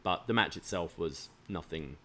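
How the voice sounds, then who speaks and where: A man co-hosting a casual wrestling recap chat, who swears freely and acts out lines in a loud, high voice. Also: moderate pace, husky. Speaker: podcast co-host.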